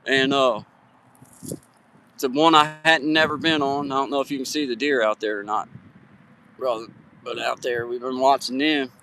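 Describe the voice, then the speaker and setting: A man's voice: medium pitch, steady tone, moderate pace, long pauses, bright, forceful tone, slight background noise. A man from Virginia, chatting casually with live viewers from a hiking trail on his phone, folksy and friendly with greetings by name. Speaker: livestream host. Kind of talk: casual live-stream chat. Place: outdoors on a hiking trail at sunset. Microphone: phone held for a live stream.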